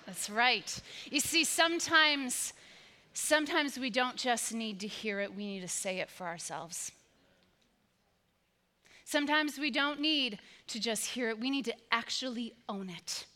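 A woman's voice: a little high, expressive, measured pace, sharp tone. A woman pastor preaching a sermon to her congregation, with an emphatic, repetitive cadence.

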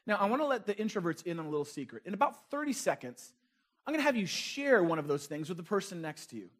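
A man's voice: high-pitched, sing-song, fast, a bit bright. A man preaching a sermon as a pastor, talking with the congregation in a conversational, playful way and asking them questions.

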